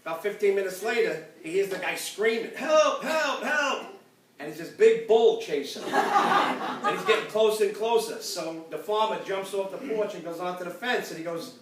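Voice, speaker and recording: An older man tells stand-up jokes at a church gathering, laughing at his own punchlines in a high, brisk voice. It was filmed on a phone across the room, so he sounds far away in an echoey space with loud background noise.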